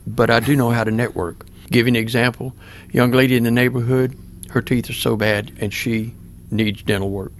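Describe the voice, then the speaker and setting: A man's voice: mid-range voice, little pitch movement, normal speed, hardly any pauses, slight background noise. An older man, a pastor, earnestly telling a personal story in plain words during an interview. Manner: plain-spoken, earnest, acts out remembered dialogue.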